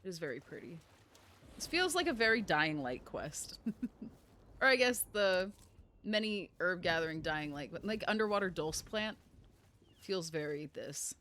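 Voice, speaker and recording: Animated chatty woman streamer. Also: fairly low pitch, measured pace, long pauses. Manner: animated, chatty, laughs often. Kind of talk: casual gameplay commentary.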